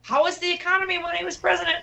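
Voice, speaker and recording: A woman guest on a radio interview, talking in a casual, animated and mocking way with quick asides. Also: very high-pitched, gravelly, low-quality recording. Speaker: guest singer.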